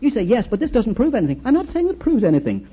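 A man giving a storytelling sermon talk, recounting anecdotes and quoted exchanges in an animated way. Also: extremely high pitch, fast talker, husky, dull audio. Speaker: speaker addressing an audience.

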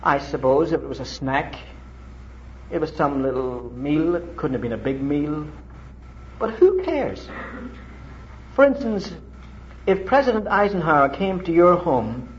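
A middle-aged man from Ireland preaching a sermon, telling stories with sudden leaps in pitch and emphasis. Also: a little hiss or hum. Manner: animated storytelling with dramatic pitch leaps. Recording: muffled old lo-fi recording.

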